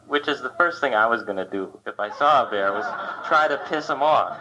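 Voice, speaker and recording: A man's voice: medium pitch, lively intonation, brisk. A man performing a live stand-up comedy set at a club, dry and self-deprecating, riffing with the crowd. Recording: dull lo-fi 1980 live tape with hiss. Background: audience laughter.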